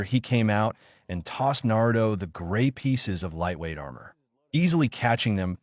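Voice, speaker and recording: A man narrating a fan fiction story aloud. His voice is low, and his delivery is animated with wide swings in pitch. The sound is close and very dry. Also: no echo.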